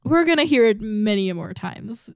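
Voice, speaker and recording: A woman co-hosting a podcast, retelling book scenes in casual chat, laughing often and dropping into quick quotes. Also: mid-range voice, animated, creaky, a little mellow, clean tone, no room sound, studio quality. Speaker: podcast co-host.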